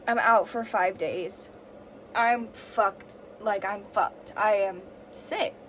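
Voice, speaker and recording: A woman's voice: medium pitch, fairly even intonation, takes it slowly, fairly bright tone, slight background noise. A young woman telling a story in a casual vlog, sick with a fever and sore throat, ranting dramatically and swearing a lot. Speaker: vlogger.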